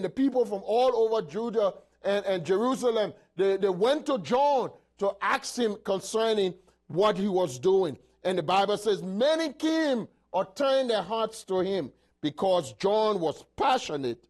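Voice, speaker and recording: High-voiced male preacher, emphatic sermon, halting with repeated restarts. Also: darkish tone.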